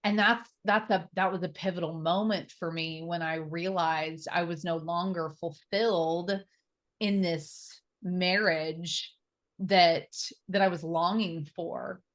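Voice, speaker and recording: Podcast guest, woman in her thirties, lowish voice, candid and emotional, rambling with fillers and casual swearing. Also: fairly even intonation, slow. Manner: open, emotional storytelling with frequent fillers and swearing. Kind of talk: candid personal interview.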